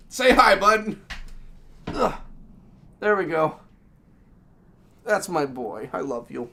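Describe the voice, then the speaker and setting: A man's voice: on the high side, sing-song, drawn-out words, gravelly, pauses often, sharp tone, a little hiss or hum. A man streaming a game live, chatting casually and talking affectionately to his dogs. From Minnesota.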